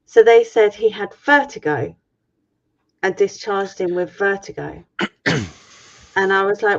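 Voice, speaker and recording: A woman's voice: mid-range voice, slow, long pauses. Blunt woman telling it straight. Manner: frank, sweary, exasperated retelling. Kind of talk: personal storytelling. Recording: muffled lo-fi stream audio.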